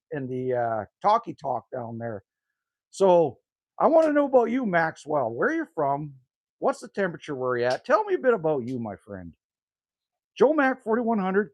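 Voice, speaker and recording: Older Canadian man, livestream host, high lively voice, dry close sound, chatty with viewers. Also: dry recording. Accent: Canadian, with bits of Newfoundland. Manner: chatty, reads out viewer names and answers them. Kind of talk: casual livestream chat with viewers. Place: cabin woodshed.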